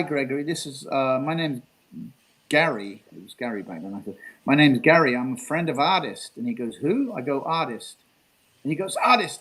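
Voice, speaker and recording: A man's voice: medium pitch, breathy edge, poor audio. English guy rambling through a story, swears a lot, lots of restarts. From England. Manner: rambling, repeats himself, swears. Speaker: guest. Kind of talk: casual storytelling interview.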